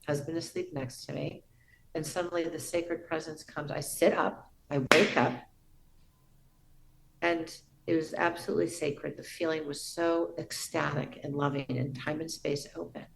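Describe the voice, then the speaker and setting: A middle-aged woman, a podcast guest, telling a personal story in an earnest, reverent way with soft restarts. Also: low voice, little pitch movement, moderate pace, vocal fry, a little hiss or hum, rough recording.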